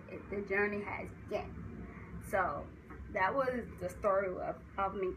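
Young mom vlogging her birth story, gets loud and high when she acts out quotes, noisy background. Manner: animated, acts out quotes with rising pitch. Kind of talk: casual storytelling vlog.

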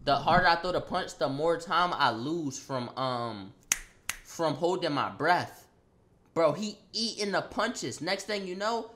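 A young man telling a wild personal story, excitable and profane, acting out a fight with loud sound effects and rambling restarts. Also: sits high, measured pace. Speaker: storyteller vlogger. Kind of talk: animated storytelling.

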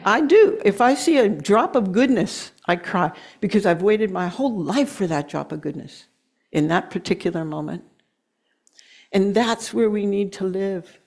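A middle-aged woman giving an earnest, emotional sermon, slowing down to press her points and laughing at herself now and then. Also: mid-range voice, a little mellow. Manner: earnest, emotional, with slow emphatic stretches and laughs. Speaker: guest speaker.

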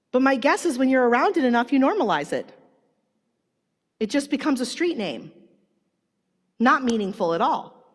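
A woman preaching a sermon at a conference, telling stories in a lively, chatty way with a lot of "like" fillers and acting out quotes. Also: a little high, breathy edge. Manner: animated storytelling with many "like" fillers, acting out quotes. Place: large conference hall. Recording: long reverb of a large hall.

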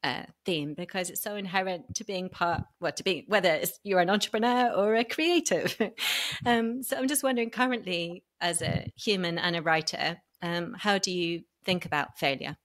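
A woman's voice: on the low side, normal speed, fairly bright tone. A woman interviewing an author, encouraging and admiring as she asks her questions.

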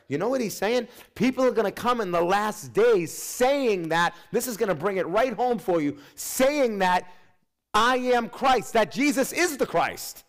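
A man's voice: sits high, very animated, moderate pace. A male pastor preaching a sermon in an emphatic, repetitive way, speaking straight to his congregation.

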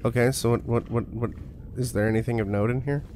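A man's voice: mid-range voice, fairly even intonation, fast talker, a little mellow, a little hiss or hum. A man streaming a horror game in casual commentary, blunt and profane, often muttering to himself.

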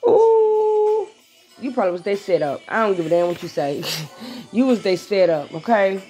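A woman's voice: fairly low pitch, fairly quick, soft background music. A woman venting to her viewers in a casual, blunt, profane way, then drifting into a tarot reading. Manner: animated, blunt and profane, talks straight to her audience. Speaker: vlogger doing a live tarot reading.

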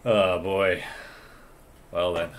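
A man's voice: low voice, flat delivery, very slow. A man hosting a gaming channel, giving casual let's play commentary and thinking aloud as he plays.

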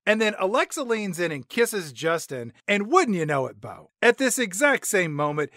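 A man co-hosting a comedy podcast, recapping a movie in an animated, mocking way. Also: sits high, normal speed, few pauses, no room sound, clean studio sound. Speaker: podcast co-host.

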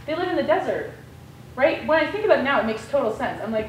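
An American woman giving a guest lecture to a class, telling a story in a frank, casual, lively way. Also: fairly high pitch, moderate pace, slight background noise. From United States. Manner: animated storyteller, casual and frank with mild swearing. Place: lecture room. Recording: echoey room, voice from far off.

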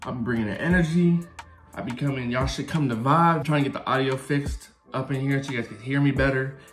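A man's voice: medium pitch, brisk. A man hosting a reaction video, chatty and hyped, talking straight to his viewers. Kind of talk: casual reaction commentary. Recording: echoey room, faint music behind.

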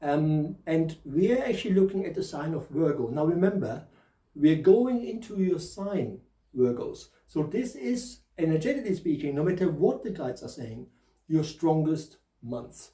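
A man's voice: a little high, sing-song, normal speed, dark tone, roomy sound, far from the mic, rough recording. A man with a German accent and a slight lisp from new dentures, hosting a chatty, jokey tarot reading. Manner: chatty, jokey, laughs at himself. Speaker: tarot reader and host. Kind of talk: casual spoken tarot reading.

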